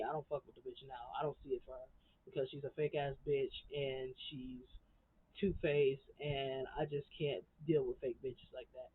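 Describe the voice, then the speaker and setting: Her voice rumbles low with a breathy edge as she tears into a reality TV episode in a blunt, profanity-filled rant. This recap vlogger's casual commentary comes through on a tinny recording that sounds like a phone.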